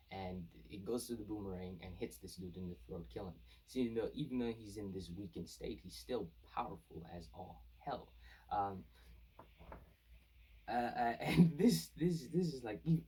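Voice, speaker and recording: Rambling husky man reviewing manga. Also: fairly low pitch, a little mellow. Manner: rambling, many fillers and restarts. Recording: voice distant from the mic.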